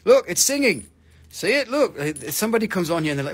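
A man with a somewhat high voice hosts a live stream selling crystals. He talks in loose, goofy chat, cracks jokes and swears freely. It sounds casual and off the cuff. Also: big pitch swings, fast talker, slightly rough.

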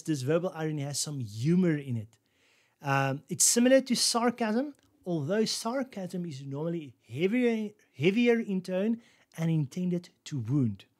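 Male teacher, slightly high voice, loose unscripted delivery full of fillers and chuckles. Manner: relaxed, chuckles, many fillers and restarts. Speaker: Bible teacher. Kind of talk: casual explanatory lesson.

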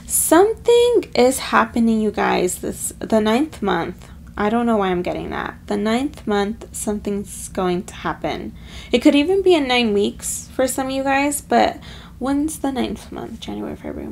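A woman's voice: fairly high pitch, sing-song, a little slow, creaky, a little mellow, a little hiss or hum. A woman giving a heartfelt tarot card reading, slightly choked up with emotion and calling her viewers her loves. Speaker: tarot reader.

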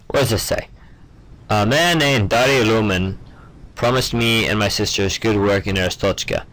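A man's voice: fairly low pitch, normal speed, fairly bright tone, rough recording. A young man giving casual gameplay commentary, stumbling over names and muttering offhand asides. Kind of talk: casual let's-play commentary.

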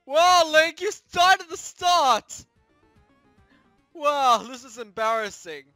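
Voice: mid-range voice, very animated, a little slow, bright, forceful tone, dry recording, soft background music. A performer voicing a cocky male plush plumber who taunts his friend in a comedic puppet gaming skit, with mocking, gloating delivery. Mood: teasing.

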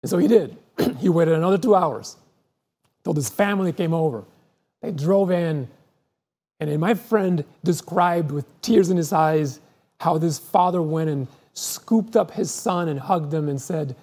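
Earnest pastor with a warm, husky voice. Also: mid-range voice, animated, measured pace. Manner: earnest, repeats words as thoughts build. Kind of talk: sermon with storytelling.

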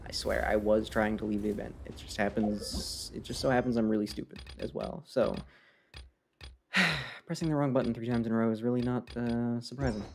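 Streaming a game with its music playing, a man talks to the characters and mocks himself in a casual, playful way. His mid-range voice is creaky and fairly even in intonation, a little fast, with slight background noise.

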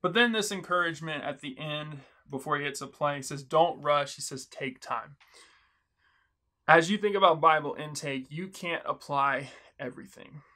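Young male teacher, earnest and encouraging, bright and forceful. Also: on the high side, normal speed. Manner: earnest, encouraging, quotes the author often. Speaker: Bible study teacher. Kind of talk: video book overview, teaching.

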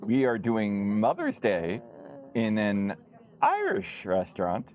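Man vlogger, slow teasing delivery, lively pitch, dull lo-fi sound. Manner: playful teasing, slow and drawn out. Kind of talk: casual chat. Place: pub.

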